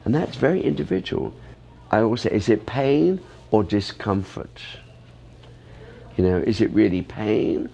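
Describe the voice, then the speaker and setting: Man, ballet teacher, very low voice, rambling, filler-heavy interview talk. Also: very animated, measured pace, vocal fry, dark tone, muffled recording. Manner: rambling, many "you know" fillers. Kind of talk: interview answers.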